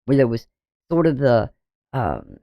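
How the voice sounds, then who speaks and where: A woman's voice: very deep voice, sing-song, measured pace, dry recording, muffled recording. A woman astrologer giving a forecast in an emphatic, preachy way, firing off rhetorical questions at her viewers. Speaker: astrologer and tarot reader.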